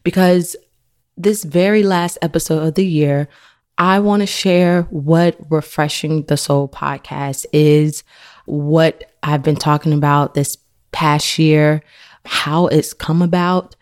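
A woman's voice: low-pitched, fairly even intonation, takes it slowly, darkish tone. A woman in her thirties, a podcast host, telling a personal faith story in an earnest, conversational way.

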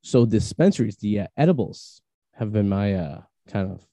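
A man hosting a podcast, telling rambling stories in a casual chat, laughing often and filling pauses with "uh". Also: lowish voice, lively intonation, warm tone, no room sound. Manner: rambling, laughing, many fillers. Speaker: podcast host. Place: Massachusetts.

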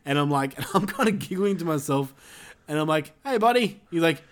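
This brisk, slightly high male voice belongs to a podcast co-host reviewing films in loose, sweary casual chat, laughing often.

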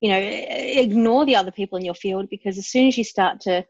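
A woman co-hosting a business podcast, who talks in a bold, animated way about branding and marketing. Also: medium pitch, quick pace, no echo, muffled recording. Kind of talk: casual business chat.

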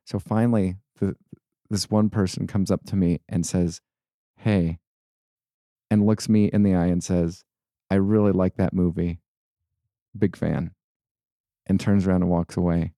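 A young man tells a rambling anecdote on a casual podcast, stumbling and restarting as he goes. His voice is low and mellow, and it sits close and dry with no room sound around it. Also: flat delivery, no room sound. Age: young adult. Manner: rambling, halting storyteller. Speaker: podcast co-host. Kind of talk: casual chat, storytelling.

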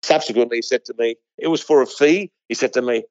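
Gravelly older man. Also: medium pitch, quick pace, a little mellow, no echo. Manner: rambling, with many restarts. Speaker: horse breeder. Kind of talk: anecdotal interview storytelling. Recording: dull lo-fi dry recording.

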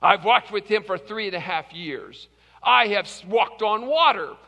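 A man's voice: high voice, sing-song, fairly quick, pushed and bright, long reverb tail, pitched below the performer's own voice, full character voice. A man acting out a brash, boastful fisherman disciple who swings into angry denials, in a sermon. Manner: boastful then flustered denials.

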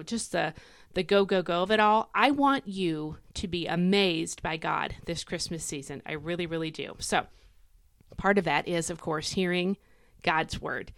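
A woman hosting a devotional podcast, chatty and emphatic, swinging her pitch up and down to stress words. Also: animated, normal speed, no echo, studio quality. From United States. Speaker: podcast host.

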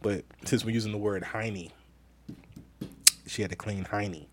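A man's voice: fairly low pitch, fairly even intonation, moderate pace, a little hiss or hum. A man hosting a casual podcast live stream, reading out viewer comments with a playful, laughing manner. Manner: laughing, playful, repeats phrases. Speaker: podcast host.

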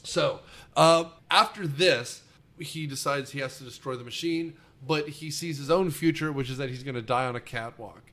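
A man's voice: mid-range voice, bright, forceful tone. A man co-hosting a casual movie podcast, rambling and joking as he recaps a film. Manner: rambling, jokey, quick to quote lines in funny voices. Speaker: podcast co-host. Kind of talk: casual movie-review banter.

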